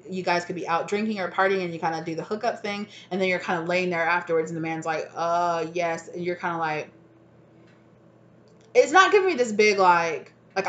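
A woman's voice: lowish voice, lo-fi sound. A woman giving a casual tarot card reading at home, talking frankly and often laughing as she goes. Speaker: tarot reader.

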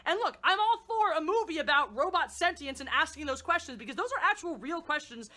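Fast, bright-voiced woman ranting sarcastically. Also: high-pitched, very animated. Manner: profane, sarcastic, exasperated. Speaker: movie reviewer. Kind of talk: ranting film review.

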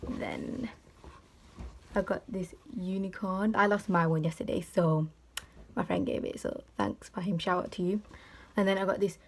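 A woman's voice: on the low side, steady tone, normal speed, vocal fry, breathy edge. A young woman, chatting casually in a student vlog as she moves between bus stops and home. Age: young adult. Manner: chatty, rambling, says "literally" a lot. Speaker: student vlogger. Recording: noisy outdoor phone audio.

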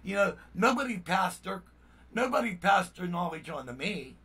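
A man's voice: high voice, sing-song, normal speed, bright, forceful tone, slightly rough, distant mic. An older man, a musician hosting his own channel, talking to viewers in a blunt, rambling way, full of "you know what I mean.". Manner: heated and indignant. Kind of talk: casual vlog talk to viewers.

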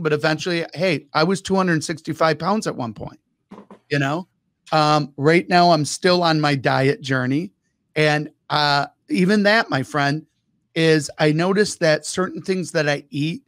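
Animated man telling stories in a dry room. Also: on the high side, no echo. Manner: animated storyteller, acts out quoted thoughts. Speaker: podcast co-host. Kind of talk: casual business chat.

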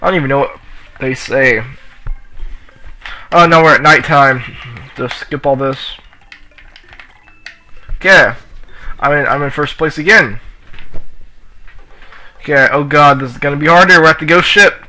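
A man giving casual let's play commentary while racing, excitable and yelling at the racers in the game, with a sore throat. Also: on the high side, measured pace, long pauses, rough recording. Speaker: gamer playing on his channel.

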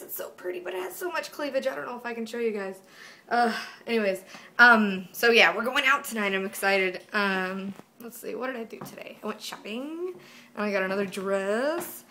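A woman's voice: fairly high pitch, sharp tone. Young woman vlogger, rambling and giggly, swears freely, camera mic in a home room, faint background noise. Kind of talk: casual vlog chat. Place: at home by a white wall.

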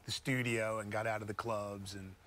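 A man's voice: lowish voice, little pitch movement, normal speed, fairly bright tone, a little hiss or hum. A man from Beaumont, Texas, a guest musician telling stories in a studio interview, rambling and easygoing with many fillers. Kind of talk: casual storytelling interview.

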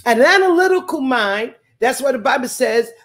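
A woman preacher delivers a sermon in a high voice. She works the congregation with call-and-response, repeating lines and dropping in hallelujahs as she goes. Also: animated, normal speed.

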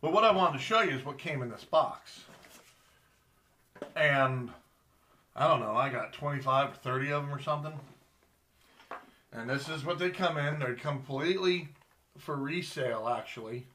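A man's voice: mid-range voice, animated, moderate pace, pauses often, pushed and bright, a little hiss or hum. A middle-aged man, a fishing charter captain, chatting in a rambling, folksy way as he shows off tackle to his viewers. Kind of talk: casual show-and-tell vlog.

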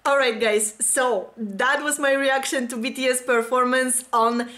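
A woman's voice: sits high, steady tone, unhurried. A woman hosting a reaction video, gushing and squealing and singing along while music plays behind her. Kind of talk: excited reaction commentary. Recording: music playing loudly behind. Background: pop music playing.

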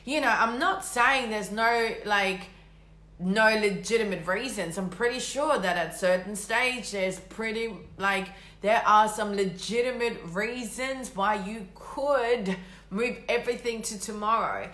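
A woman giving a blunt, energetic motivational talk as a mindset coach, swearing casually. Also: medium pitch, measured pace, roomy sound.

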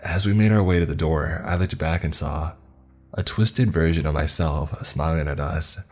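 A man narrating a horror story in a low, dark storytelling voice, with a husky tone. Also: moderate pace. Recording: faint music behind.

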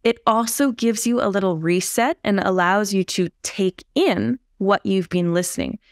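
A woman, a somatic therapist, explaining in a calm, unhurried and reflective way on a podcast. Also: mid-range voice, no echo, studio quality.

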